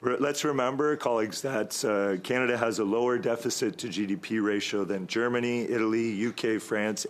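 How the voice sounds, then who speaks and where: A medium-pitched man speaks as a member of parliament at a committee, giving a long, halting floor speech full of pauses in a slightly hoarse voice. He rambles and stalls for time, sometimes jabbing argumentatively at his opponents.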